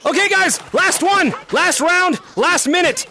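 Male VR streamer, very high and lively, shouty and hyped, laughs a lot, headset mic at home. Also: a little slow, very noisy. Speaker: VR game streamer and lobby host. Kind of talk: excited live gameplay commentary. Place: at home playing in VR.

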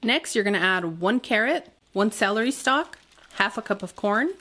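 A woman's voice: medium pitch, expressive, normal speed, sharp tone, a little hiss or hum. A woman hosting a cooking channel, giving upbeat, chatty step-by-step recipe narration.

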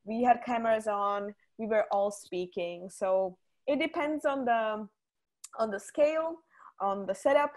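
A woman's voice: fairly high pitch, unhurried, a little mellow. A woman co-hosting a webinar Q&A, talking conversationally with frequent ums and restarts. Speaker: webinar co-host. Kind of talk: casual webinar Q&A.

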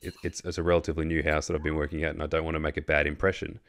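A man's voice: a bass voice, flat delivery, racing, fairly bright tone. An Australian man hosting a casual chat, telling a long story in a rambling way with lots of fillers, restarts and swearing. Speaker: host.

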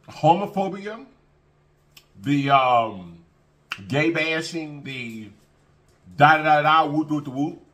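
Lively, bright-voiced man preaching to viewers. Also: a little high. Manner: emphatic and repetitive, preachy, drawling fillers. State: full after a meal. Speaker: mukbang vlogger. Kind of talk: casual heart-to-heart talk to viewers.

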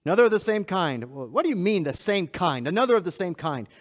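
Preaching to his church as its pastor, a man is emphatic and repetitive, alternating loud and quiet lines and speaking straight to the congregation. He has a high voice, talks fast, is very animated, and laughs at himself.

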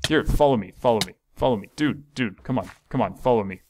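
A man's voice: mid-range voice, a little fast, slight background noise. Exasperated man narrating his gameplay. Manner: exasperated, scolding game creatures while rambling. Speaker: gaming channel host. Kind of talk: casual let's-play commentary.

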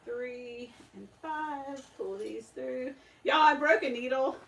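A woman's voice: high voice, takes it slowly, vocal fry. A woman with a Southern US accent chatting casually to her livestream viewers while she works at her embroidery machines, calling them y'all. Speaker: embroidery shop owner livestreaming her work. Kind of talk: casual live-stream chat while working. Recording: distant mic with loud sewing machine noise.

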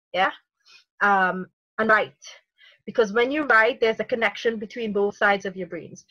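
Lively woman, parenting coach explaining. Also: fairly high pitch, no room sound, highs cut off. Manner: energetic, acts out inner dialogue in quotes. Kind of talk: podcast interview.

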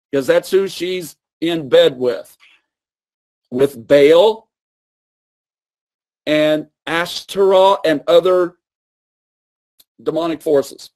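A man's voice: a little high, a little mellow. A man preaching a sermon and teaching with emphatic, repeated phrases.

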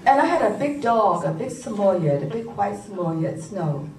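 A woman's voice: mid-range voice, moderate pace, noisy background. Older woman poet, roomy hall. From New York. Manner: animated, laughs often, repeats phrases for emphasis. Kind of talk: live storytelling talk to an audience. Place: conference hall. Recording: roomy, from far off, faint ambience.

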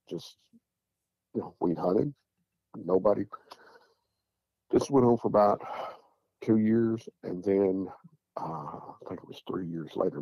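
Gravelly low Southern man telling a story. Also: no echo. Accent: Southern American. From Tennessee, USA. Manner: rambling, repeats "I said" and "he said". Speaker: guest recounting encounters. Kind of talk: casual storytelling. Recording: dull, dry lo-fi audio.

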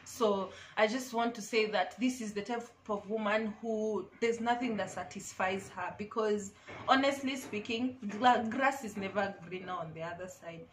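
A woman's voice: mid-range voice, moderate pace, slight background noise. A woman vlogger giving casual, emphatic advice to camera, repeating her key phrases.

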